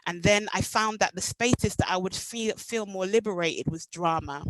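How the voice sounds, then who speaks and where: A young adult woman from Jamaica with a Jamaican accent, telling her own story at a meetup in an animated way. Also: medium pitch, moderate pace, no room sound, low-quality recording. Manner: animated, acts out past dialogue. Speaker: meetup speaker. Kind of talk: personal storytelling talk.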